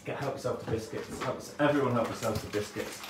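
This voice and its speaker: A man's voice: medium pitch, quick pace. A man hosting a casual live painting lesson, chatty and jokey, giving instructions while he paints. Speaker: painting class host. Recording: echoey room, mic far off, faint noise.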